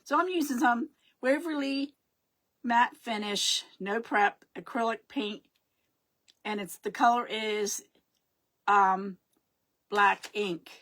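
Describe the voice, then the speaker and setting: A woman's voice: fairly high pitch, slow, pauses often, fairly bright tone. A middle-aged woman hosting a casual live craft stream, rambling and chatty, often losing her words and greeting her viewers.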